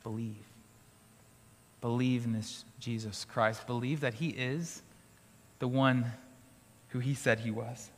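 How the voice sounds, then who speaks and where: A man's voice: mid-range voice, fairly even intonation, unhurried. A man preaching a sermon as pastor, in a conversational way with restarts and occasional light laughs. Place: school auditorium used for church gathering. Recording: long hall reverb.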